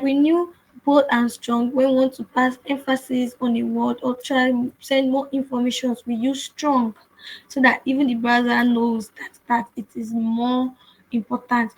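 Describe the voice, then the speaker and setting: A woman's voice: on the high side, poor audio. A woman teaching web development in a screen-share coding tutorial, explaining patiently and repeating herself with frequent restarts.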